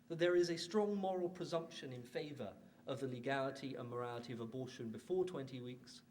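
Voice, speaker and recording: A man's voice: mid-range voice, a little hiss or hum. Man concluding a debate, distant and humming. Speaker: debate speaker. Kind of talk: formal closing argument. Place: university hall.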